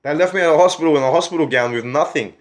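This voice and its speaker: A man's voice: fairly high pitch, very fast. An Australian man telling his own story in a vlog, agitated, swearing heavily and firing off rhetorical questions. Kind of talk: angry personal storytelling.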